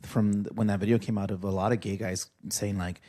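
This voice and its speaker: A man in casual podcast chat, telling stories with crude humor and halting restarts. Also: lowish voice, little pitch movement, warm tone.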